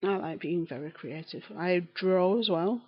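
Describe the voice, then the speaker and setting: A woman's voice: on the low side, normal speed, husky. Woman, Yorkshire accent, rambling live-stream chat, knitting while talking, slightly muffled audio. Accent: Northern English, Yorkshire. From England. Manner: chatty, rambling, answering viewers' comments while knitting.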